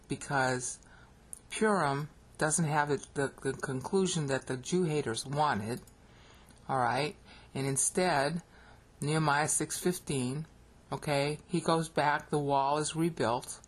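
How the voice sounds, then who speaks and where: This is an American-accented Bible teacher talking over a screen recording, with a husky, slightly rough voice that sits at an ordinary middle pitch. They explain step by step and keep checking in with the listener, tossing in a quick "okay?" or "all right?" between points. It sounds like a computer mic at a desk. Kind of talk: screen-recorded lecture narration.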